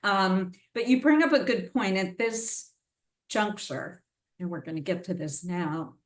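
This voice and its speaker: A woman hosting a lecture, with a measured manner, leading into her questions. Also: medium pitch. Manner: measured, backchanneling host. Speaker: lecture host and interviewer. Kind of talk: hosted lecture conversation. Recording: distant mic in echoey hall.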